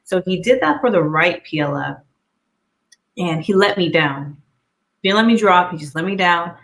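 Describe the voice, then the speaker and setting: A woman's voice: fairly low pitch, animated, normal speed, a bit bright. A woman hosting a casual podcast, talking candidly and with self-deprecating humor. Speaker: podcast host.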